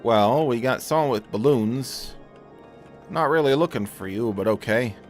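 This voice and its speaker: A man's voice: medium pitch, a little slow, soft background music. Wry man joking through a game. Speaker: let's play host. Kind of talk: casual gameplay commentary.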